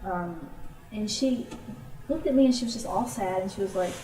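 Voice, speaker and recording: A female missionary gives an informal talk to a church group, speaking at medium pitch and a moderate pace. She tells her stories and becomes animated when acting out her friends' voices, recorded roomily from a distance.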